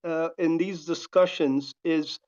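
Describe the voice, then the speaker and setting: A caller in a live debate who asks questions slowly and hesitantly, with many halts and fillers. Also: mid-range voice, steady tone, darkish tone, lo-fi sound. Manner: slow, hesitant, halting questions. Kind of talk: casual debate on a live call.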